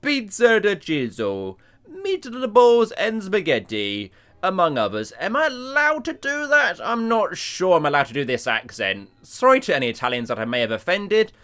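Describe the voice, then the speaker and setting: A man narrating a cartoon review video with animated, self-deprecating jokes. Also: high-pitched, brisk, hardly any pauses, clear, resonant tone.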